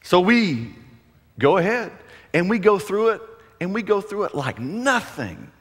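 A man's voice: high voice, very animated, unhurried, fairly bright tone. A middle-aged man preaching a sermon, telling a funny story in a chatty, humorous way. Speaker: pastor. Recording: echoey hall.

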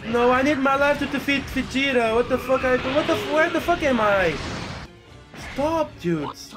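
A man doing let's play commentary, frustrated and swearing often, with loud outbursts. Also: very high voice, animated, measured pace. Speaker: gaming video creator. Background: game music.

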